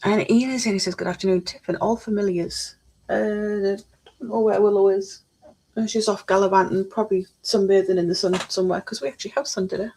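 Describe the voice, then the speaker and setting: A woman's voice: medium pitch, fairly even intonation, a little fast, warm tone, breathy edge. A woman chatting casually on a live stream, reading out chat messages while she builds a model kit at her desk.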